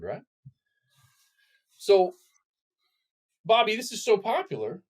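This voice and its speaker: A man's voice: fairly high pitch, a little fast. A man co-hosting a retirement planning podcast, talking casually and acting out quoted people. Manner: animated, acts out quoted people. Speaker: podcast co-host.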